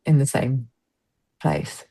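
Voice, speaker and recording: A woman's voice: rumbling low, slow, gravelly, husky. A woman, a stage actress, chatting as a podcast guest and acting out other people's words as she tells stories. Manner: animated storyteller, acts out quoted voices. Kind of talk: casual interview chat.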